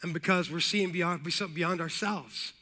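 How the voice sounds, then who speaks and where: High, bright-voiced male pastor preaching. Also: measured pace. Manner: energetic, repetitive, jokey asides, calls of amen. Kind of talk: sermon.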